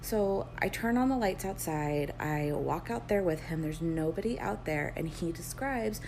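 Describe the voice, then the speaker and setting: Low gravelly-voiced woman telling a story. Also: lively intonation, darkish tone, slight background noise, rough recording. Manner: earnest, measured retelling with quoted dialogue. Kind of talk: casual spoken storytime.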